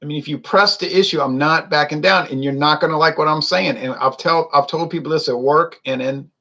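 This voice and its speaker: A man on his beer review channel rants with heat and sarcasm, his voice a touch higher than most men's. A gravelly fry runs under his words. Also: fairly quick, pushed and bright. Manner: ranting, heated and sarcastic. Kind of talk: casual on-camera rant.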